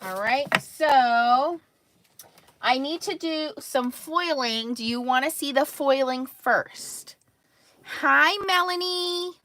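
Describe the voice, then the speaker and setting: A woman's voice: sits high, takes it slowly, fairly bright tone, no echo. A woman hosting a card-making livestream, chatting casually, greeting viewers by name and laughing often. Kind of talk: casual crafting livestream chat.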